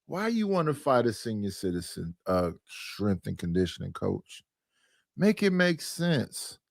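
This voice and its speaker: A man's voice: medium pitch, very animated, a little slow, vocal fry, no room sound, studio quality. Exasperated man ranting on a livestream. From Oakland, California. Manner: exasperated, rhetorical, profane. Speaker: livestream host. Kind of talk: casual livestream rant. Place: his living room.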